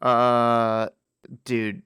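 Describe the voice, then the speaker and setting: A man co-hosting a podcast, chatting casually and dropping deadpan wisecracks. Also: mid-range voice, very slow, clean tone, no echo, studio quality. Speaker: podcast co-host. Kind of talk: casual chat.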